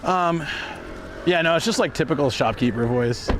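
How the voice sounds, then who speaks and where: A man's voice: a little high, normal speed, background noise. Chatty male live-streamer with a stuffy nose. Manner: relaxed, chatty, laughs often. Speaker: travel vlogger streaming live. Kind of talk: casual live-stream chat. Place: walking around shops and a car outdoors.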